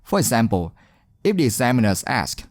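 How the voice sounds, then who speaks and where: A male teacher narrates a speaking lesson with an animated, rising and falling voice. He sounds encouraging and deliberate and leans on key words. His voice is close and dry, with no room around it. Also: medium pitch, dry recording. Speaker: English exam teacher. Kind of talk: scripted instructional narration.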